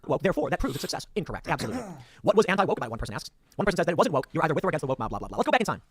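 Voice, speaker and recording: A man's voice: a little high, breathy edge, no echo. A man giving a political commentary, reading out and picking apart a movie review with sarcastic asides. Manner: rapid, lively delivery with sarcastic asides.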